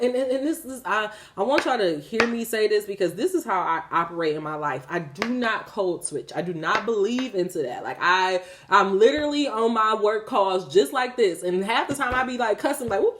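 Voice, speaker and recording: A woman's voice: a little high, moderate pace, hardly any pauses, background noise. A woman in her thirties talking candidly to her viewers about faith, swearing freely and laughing as she goes. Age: 30s. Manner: profane, animated, laughing, talks straight to viewers. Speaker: spiritual vlogger. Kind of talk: candid spiritual talk to camera.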